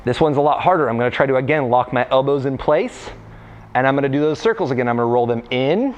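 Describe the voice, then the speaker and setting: A young man coaching warm-up exercises in a casual, joking way while demonstrating the moves. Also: medium pitch. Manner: playful, jokey, talks while exercising. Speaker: freerunning coach.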